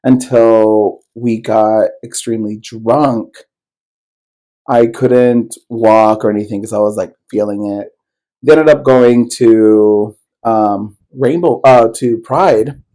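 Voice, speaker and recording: A man's voice: medium pitch, steady tone, takes it slowly, warm tone, rough recording. A man co-hosting a podcast, telling a personal story in loose, rambling casual chat, full of fillers and swearing. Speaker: podcast co-host.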